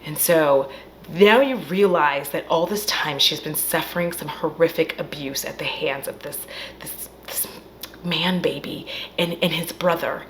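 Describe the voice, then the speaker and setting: Woman retelling a scary movie at home, lowish voice, gets loud then drops to a whisper, bit of hiss behind her. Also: a little slow. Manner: animated storytelling, acting out characters' lines, swearing. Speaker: film reviewer. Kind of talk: casual film recap.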